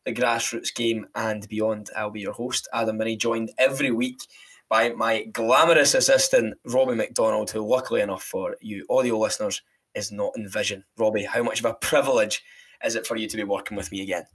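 A man's voice: lowish voice, fairly even intonation, brisk, a bit bright, husky. A man with a Falkirk and Glasgow Scottish accent, hosting a casual podcast and telling stories against himself in a chatty way. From Scotland. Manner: self-mocking, chatty storyteller. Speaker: podcast host.

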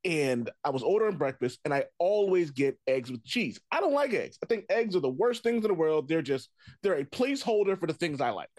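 A man with a fairly high voice tells rambling stories in casual chat, often restarting. The sound is dry and close. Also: very animated, fairly quick, a little mellow, no echo. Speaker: comedian guest.

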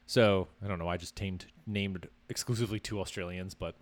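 A man's voice: deep voice, steady tone, a little fast, no echo. A man co-hosting a podcast in casual chat, laid-back and rambling, laughing often. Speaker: podcast co-host.

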